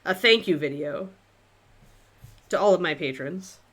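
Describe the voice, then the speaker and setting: A woman's voice: fairly low pitch, expressive, unhurried, a bit bright. A woman hosting a live-streamed miniature painting lesson, chatting informally and thinking aloud as she paints.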